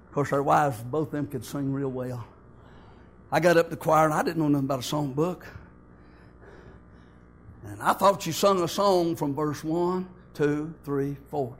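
A man's voice: a little high, moderate pace. An older man, telling his church testimony in a folksy, homespun way. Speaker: church member giving testimony.

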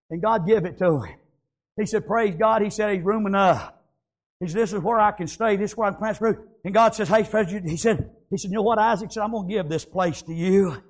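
A man preaching a revival sermon in a strikingly high voice. He swings from ordinary talk into fervent shouts, and scatters "praise God" and "amen" between his phrases. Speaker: pastor.

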